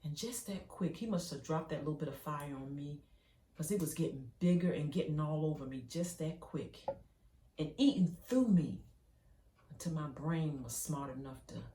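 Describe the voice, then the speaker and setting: A woman performing an intense dramatic monologue, swinging from hushed to loud as she tells it. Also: deep voice, moderate pace, a little hiss or hum. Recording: roomy, from a distance.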